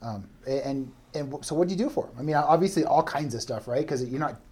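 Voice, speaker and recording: A man's voice: mid-range voice, fast, a little mellow, breathy edge. A man hosting an interview, asking short follow-up questions. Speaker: interview host. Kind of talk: casual interview.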